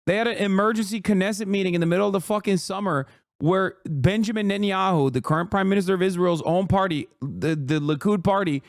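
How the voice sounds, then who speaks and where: Man, streamer, heated, profane, sarcastic, higher voice, dry sound. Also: brisk, no room sound. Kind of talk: live stream commentary.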